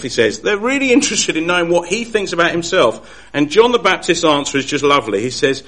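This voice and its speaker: A man giving a Bible study talk, earnest and halting, often restarting his sentences. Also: on the high side, sing-song, a bit bright. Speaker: Bible teacher.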